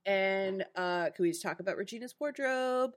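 In casual conversation, a woman co-hosting a podcast recaps a TV episode, laughing a lot and performing the characters' lines. Her voice sits in the mid-range and she talks at a moderate pace.

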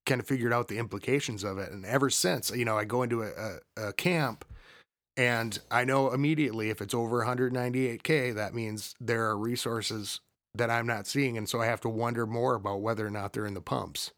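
A man's voice: medium pitch, steady tone, a little fast, fairly bright tone, no echo. Dry-sounding man, hesitant chat. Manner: hesitant, full of ums and restarts. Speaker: podcast co-host. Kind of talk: casual chat. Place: home basement.

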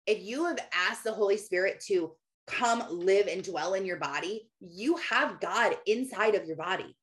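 A woman in her thirties giving a casual, earnest faith talk, chatty and laughing often as she acts out quotes. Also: on the high side. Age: 30s. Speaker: Christian podcaster and author.

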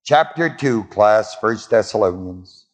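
Animated preacher in a reverberant hall. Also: male voice, lowish voice, slow. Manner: call-and-response questions to the congregation. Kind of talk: sermon.

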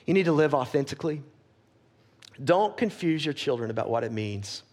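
A man preaching a sermon as pastor, earnest and candid, often checking in with his listeners and growing soft and quiet when he gets personal. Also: mid-range voice, expressive, moderate pace. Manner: earnest, candid, asks the congregation for agreement.

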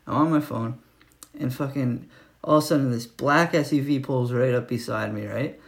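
A man's voice: medium pitch, normal speed, gravelly. A young man telling a story in casual chat, swearing often and laughing as he rambles.

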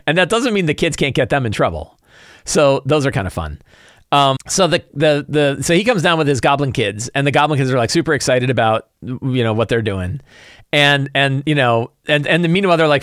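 A man talking through his prep for a tabletop game session, rambling with many restarts. His pitch swings in a lively way. The sound is dry and close. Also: no echo. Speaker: game master. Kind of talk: casual game prep talk.

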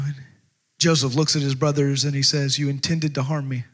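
A man's voice: mid-range voice, flat delivery, brisk. A middle-aged man preaching as a pastor, passionate and conversational, often restarting his phrases. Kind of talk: sermon.

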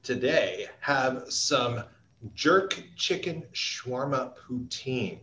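Animated, bright-voiced male podcast host. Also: medium pitch, takes it slowly, a little hiss or hum. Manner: upbeat and playful, eats on mic. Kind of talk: casual podcast chat.

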